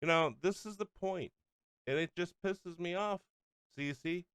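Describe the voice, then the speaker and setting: A man hosting a talk show who rants and sneers between clips, his voice smooth and resonant. The sound is close and dry, with no room around it. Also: high voice, a little slow, fairly bright tone, no echo. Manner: ranting, mocking, often laughing. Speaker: political radio host. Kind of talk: angry political commentary over clips.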